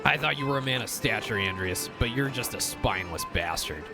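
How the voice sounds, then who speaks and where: A man's voice: lowish voice, lively intonation, fairly quick, gravelly, over music. A man doing a scornful old miller tyrant. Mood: contemptuous. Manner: contemptuous, scolding. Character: harsh bullying older male miller, domineering.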